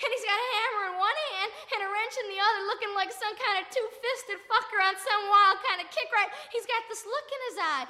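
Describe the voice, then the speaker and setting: A woman telling a profane spoken-word story, breathless and building up to yelling. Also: extremely high pitch, a little fast, hardly any pauses. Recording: long hall reverb.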